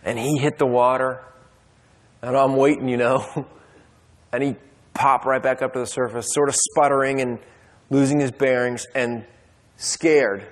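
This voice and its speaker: A man's voice: medium pitch, steady tone, unhurried, pauses often. A man telling a personal story at a Bible study, casual and conversational with fillers and restarts. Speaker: speaker at a men's Bible study. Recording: long hall reverb.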